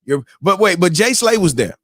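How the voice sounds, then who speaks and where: A man hosting a morning show, telling a story in a loose, animated way, whooping and mimicking crowd voices. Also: sits high, moderate pace, no room sound, studio quality. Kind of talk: casual storytelling.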